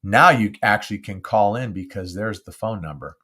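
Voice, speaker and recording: At an ordinary speed, an older Southern California man runs a casual live podcast, speaking in a somewhat low voice. He's chatty, lively, and pokes fun at himself, recorded close on a studio mic with a windscreen.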